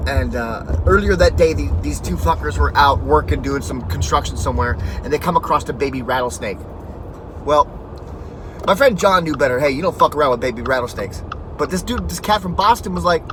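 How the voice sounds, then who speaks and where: A man's voice: on the high side, a bit bright, slight background noise. A man telling a personal story in a rambling, profane, laid-back way. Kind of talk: casual spoken anecdote.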